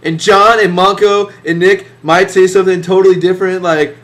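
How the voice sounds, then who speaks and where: A man's voice: sits high, steady tone, moderate pace, fairly bright tone. A young man telling a boastful, sarcastic mock story about leaving his band.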